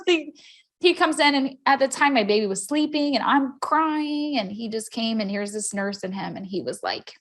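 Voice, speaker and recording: A woman co-hosting a talk show, telling a personal story in a casual, emphatic and animated way, full of "like" fillers. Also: a little high. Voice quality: rambling with many "like" fillers. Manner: animated, emphatic, fast swings in loudness. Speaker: podcast co-host.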